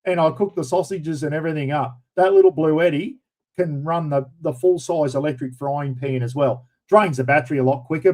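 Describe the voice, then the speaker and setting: A man's voice: fairly high pitch, warm tone, rough recording. Blokey Australian man chatting casually. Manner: blokey, rambling, says "mate" and "bloody" often. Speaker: livestream host. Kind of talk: casual chat.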